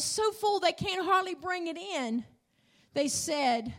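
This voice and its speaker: A woman's voice: very high-pitched, animated, slow, fairly bright tone. A woman preacher delivering an emphatic sermon to a congregation, punctuated with hallelujahs. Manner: emphatic, rising and falling, repeated hallelujahs. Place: church in front of a congregation.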